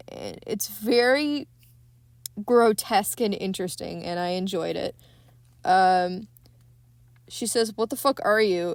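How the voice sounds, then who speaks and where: A woman's voice: mid-range voice, no echo. Host: young woman, casual recap, rambly, filler-heavy, swears, dry booth sound. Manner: rambling, lots of likes and ums, swears. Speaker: podcast host.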